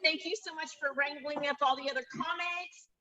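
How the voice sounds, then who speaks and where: A woman's voice: high voice, fairly even intonation, brisk, sharp tone, no echo, highs cut off. A woman hosting a comedy night over a video call, chatting loosely and joking. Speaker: event host.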